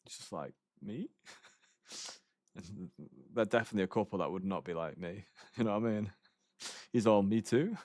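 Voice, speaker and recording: A man's voice: low-pitched, a little fast, darkish tone, no room sound, clean studio sound. A man streaming a game, telling rambling stories in casual chat, swearing often and laughing between lines.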